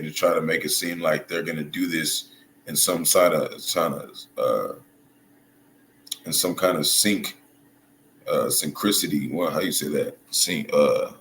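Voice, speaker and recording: Low-voiced male commentator, stop-start and casual, recorded in a reverberant room with a light noise floor. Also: a bit bright. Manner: halting, restarts and hunts for words, checks in with "right?" and "you see?". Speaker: religious commentator. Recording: echoey room with faint noise.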